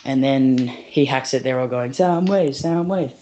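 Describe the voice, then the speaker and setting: A man's voice: mid-range voice, monotone, normal speed, background noise. A man casually retelling a funny video to friends, rambling and leaning on "he's just like".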